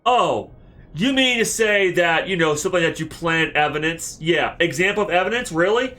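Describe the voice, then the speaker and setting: A man streaming a game, giving heated, animated commentary full of cursing. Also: a little high, normal speed, soft background music. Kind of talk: let's play commentary.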